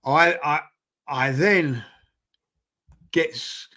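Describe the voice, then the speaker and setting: A man's voice: fairly high pitch, drawn-out words, background noise. A man, a guest in a casual chat, telling a long story with lots of fillers and acting out the voices of people he quotes. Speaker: podcast guest.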